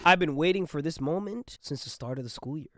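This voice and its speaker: A young man telling a comedic story in casual slang, animated and swinging between loud bursts and hushed asides. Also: a little high, fairly quick.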